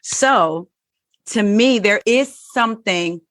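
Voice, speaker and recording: A woman in her forties talking candidly in a casual chat, animated and telling personal stories. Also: mid-range voice, takes it slowly, no room sound, studio quality. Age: 40s. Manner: candid and animated, acts out quoted voices. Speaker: podcast guest.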